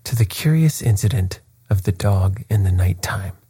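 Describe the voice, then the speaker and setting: A man voicing a calm, clever detective who speaks in a cool, measured way. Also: deep voice, breathy edge, no room sound, heavily acted. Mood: cryptic.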